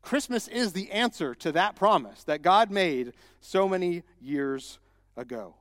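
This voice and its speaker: A man preaching a sermon as a pastor, emphatic and rising to loud repeated declarations. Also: sits high, expressive, a little slow, clean studio sound. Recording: long hall reverb.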